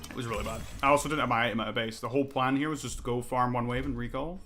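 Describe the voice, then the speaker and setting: A man's voice: mid-range voice, steady tone, very fast, sharp tone, faint music behind. A man streaming a competitive online game, ranting heatedly and swearing while he argues a point and scolds himself over his plays. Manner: heated, profane, argumentative, self-critical. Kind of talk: live gameplay commentary and ranting.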